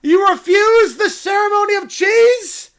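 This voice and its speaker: A man voicing an excitable little male bear with shrill, wildly enthusiastic proclamations. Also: measured pace. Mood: indignant.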